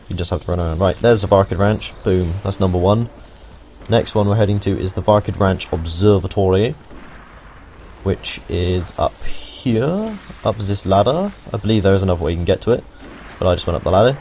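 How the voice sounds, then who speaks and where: A young man from the United Kingdom hosts a casual, jokey video game walkthrough, rambling into asides and swearing occasionally. His deep voice is animated and darkish, at a moderate pace, with a little hiss or hum in the recording.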